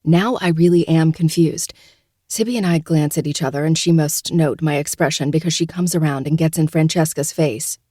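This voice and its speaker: A woman's voice: low voice, normal speed, warm tone, dry recording. A woman podcast host narrating a novel in the first person, in a dry, sardonic manner. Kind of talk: audiobook narration.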